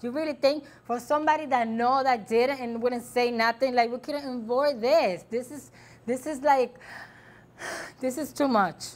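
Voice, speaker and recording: High-voiced upset woman, talk show guest. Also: normal speed. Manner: upset, emphatic, repeating herself. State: distressed. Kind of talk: after-show interview.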